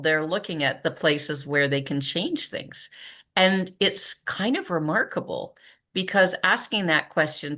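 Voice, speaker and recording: A woman hosting a conversational podcast, animated and quick with asides, laughing often. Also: deep voice. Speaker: podcast host. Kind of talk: conversational interview.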